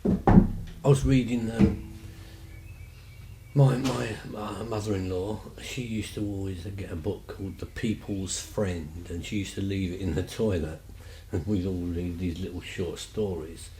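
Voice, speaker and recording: A man's voice: deep voice, steady tone, measured pace, echoey room, noisy background. A man telling stories casually, rambling and chatty with lots of fillers. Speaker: vlogger. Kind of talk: casual storytelling.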